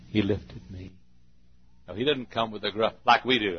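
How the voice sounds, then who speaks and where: A man preaching a revival sermon, swinging from hushed pleading to shouting, on a dull lo-fi recording. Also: on the low side, fairly even intonation, unhurried, creaky, pauses often, a little hiss or hum.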